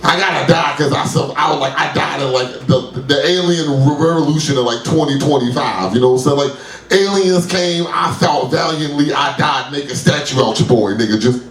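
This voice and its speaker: Profane New comic in a roomy club. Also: male voice, a little fast, soft background music. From New York. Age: 30s. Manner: loose, profane, shouty bits with high-pitched outbursts. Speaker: stand-up comedian. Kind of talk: stand-up comedy set. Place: small club at an open mic. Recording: roomy club sound from a distant mic.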